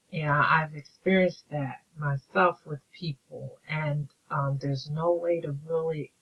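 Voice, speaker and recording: Husky, slow co-host on dull audio. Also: medium pitch. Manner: slow, halting, reflective, gropes for words. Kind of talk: talk-radio conversation.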